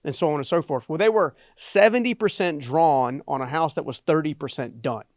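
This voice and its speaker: A middle-aged man speaks as a podcast guest and tells his own life story with animated energy. He keeps tagging his sentences with "right?". His fairly high voice is recorded dry, with no room echo. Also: fairly quick. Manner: animated storyteller who repeats "right?" for emphasis. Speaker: guest, entrepreneur and motivational speaker. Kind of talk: personal storytelling in a podcast interview.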